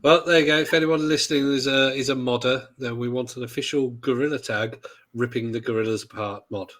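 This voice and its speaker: A man co-hosting a gaming podcast, chatting casually in a jokey, animated way with lots of restarts. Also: medium pitch, brisk. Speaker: podcast co-host. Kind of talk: casual chat.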